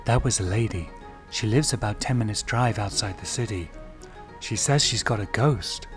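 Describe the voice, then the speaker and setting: A man voicing a matter-of-fact female ghost-hunter, read in his own low voice. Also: moderate pace, music in the background, natural voice. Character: brisk young woman ghost-hunter.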